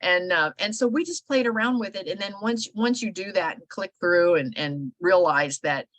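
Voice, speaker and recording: A woman's voice: fairly low pitch, moderate pace, a bit bright, dry recording. A middle-aged woman teaching casually on a video call, chatty and loose, with many fillers and restarts. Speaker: host presenting online event platforms.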